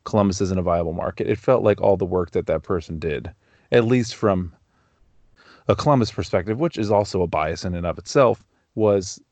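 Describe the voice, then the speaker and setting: Low-voiced dude hosting a podcast, opinionated, long run-on thoughts. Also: male voice, animated, moderate pace, darkish tone, no echo. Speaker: podcast host. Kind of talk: casual podcast conversation.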